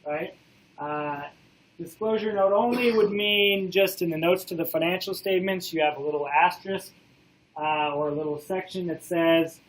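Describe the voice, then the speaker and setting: A man lecturing a college class in a casual manner, filling pauses with "uh" and checking in with the students, his voice going hoarse. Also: fairly high pitch, poor audio. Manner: casual, many "uh" fillers, checks in with "okay?". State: losing his voice.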